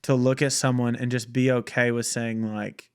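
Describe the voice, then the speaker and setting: Animated young man telling stories. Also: medium pitch, moderate pace, clean tone. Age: 20s. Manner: animated storytelling, laughs often. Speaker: podcast guest, church creative director. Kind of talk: casual chat.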